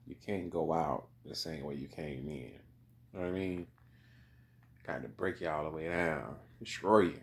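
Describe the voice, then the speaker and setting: A man's voice: sits low, gravelly, fairly bright tone. A man giving a rambling, casual commentary monologue, full of profanity and repeated "you know what I mean" asides.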